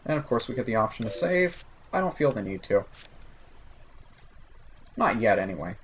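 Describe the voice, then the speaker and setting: A man's voice: medium pitch, big pitch swings, moderate pace, slight background noise. A man giving casual, sarcastic commentary over a video game playthrough. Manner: sarcastic, joking asides. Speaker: let's play commentator.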